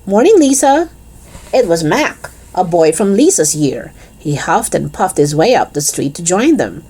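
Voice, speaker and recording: A woman reading a children's chapter book aloud with expressive storytelling. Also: sits low, moderate pace, husky.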